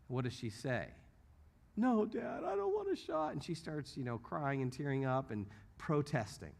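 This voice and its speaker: Animated man giving a church teaching talk. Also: medium pitch. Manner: animated storytelling, acts out quotes. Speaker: apologetics speaker.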